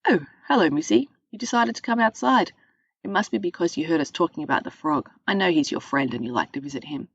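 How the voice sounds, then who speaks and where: A woman's voice: fairly low pitch, animated, quick pace, gravelly, husky, dry recording, muffled recording, exaggerated voice. A woman reading a storybook voicing a cheerful, eager young girl.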